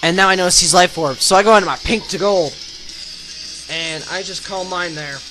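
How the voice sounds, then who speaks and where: A young man narrating his online game battles as a channel host, energetic and breaking into loud excited shouts. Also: sits high, a little fast, rough recording. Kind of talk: excited battle commentary over gameplay video. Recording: voice-over with faint background music.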